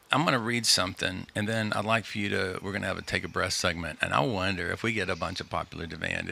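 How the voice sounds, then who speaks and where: Male host, very deep and gravelly, bright tone, easygoing and rambling. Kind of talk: live community show chat. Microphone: studio microphone.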